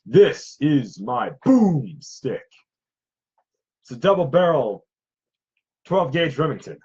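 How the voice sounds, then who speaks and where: A man putting on the voice of a cocky, deep-voiced male monster hunter hero, delivering slow one-liners. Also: big pitch swings, gravelly, darkish tone, slightly rough, highs cut off, full character voice.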